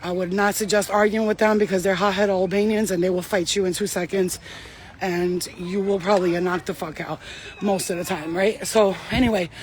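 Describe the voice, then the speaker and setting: A woman's voice: mid-range voice, slight background noise. A woman vlogger telling a story in a casual rant, blunt, profane, heated and emphatic. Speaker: spiritual vlogger.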